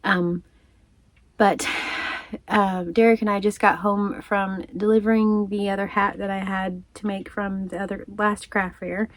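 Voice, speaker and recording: A woman's voice: mid-range voice, flat delivery, a little slow, no echo. A woman chatting casually to her viewers, rambling and laughing often as she tells her story. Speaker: crochet vlogger. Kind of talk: casual chat.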